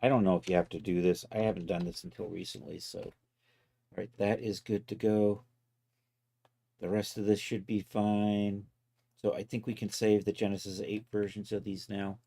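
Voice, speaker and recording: A man casually talking himself through each step of a software task on a live stream, loose and self-mocking. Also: on the low side, level tone, moderate pace, creaky. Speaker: livestreaming 3D content creator.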